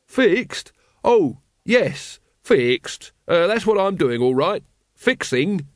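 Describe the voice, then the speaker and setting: A man's voice: high-pitched, big pitch swings, slow, no echo, clean studio sound, voice pushed up, exaggerated voice. A man voicing a flustered bulky man who stammers out excuses. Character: flustered bulky male cultist up a ladder.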